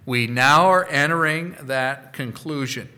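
Man, preacher, sermon, very slow, bright forceful tone, emphatic bursts. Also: medium pitch.

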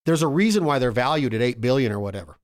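A man in casual podcast chat, telling excited, profane stories and calling his friend "bro" and "dude". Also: medium pitch, quick pace.

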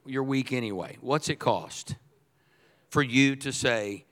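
An older man preaching a sermon as pastor, swinging from quiet asides to loud excited bursts and often repeating words as he starts a thought. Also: mid-range voice, takes it slowly. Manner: animated, shifts from quiet to shouting.

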